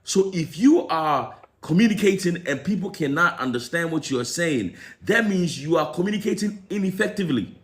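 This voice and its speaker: Young Ghanaian-accented man delivering a fired-up opinion rant; a touch high in pitch. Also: moderate pace. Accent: Ghanaian with some American. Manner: animated, ranting, rhetorical questions, restarts. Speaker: commentary vlogger. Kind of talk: opinion commentary monologue.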